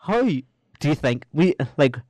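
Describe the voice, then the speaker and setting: A man co-hosting a podcast, chatting casually and jumping into squeaky joke voices. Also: a little slow, dry recording. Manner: animated, breaks into squeaky voices for jokes. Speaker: podcast co-host. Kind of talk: casual chat.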